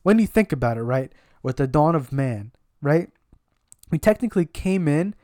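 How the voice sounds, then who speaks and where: A woman's voice: low voice, animated, moderate pace, warm tone, no room sound, clean studio sound. A woman chatting casually as co-host, joking and swearing freely. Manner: jokey, swears freely, slips into put-on street voices. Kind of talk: casual chat.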